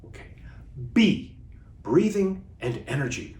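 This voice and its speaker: Animated man teaching in an echoey room. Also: fairly high pitch. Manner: animated, deliberate, coaching. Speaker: communication trainer. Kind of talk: instructional video talk. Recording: echoey room, distant mic.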